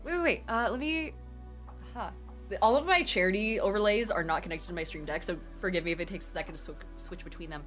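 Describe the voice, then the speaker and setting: A woman's voice: medium pitch, lively intonation, fast, a bit bright, faint music behind. A woman hosting a charity live stream, chatting casually and reading out her chat in a bubbly, gushing way as she thanks donors.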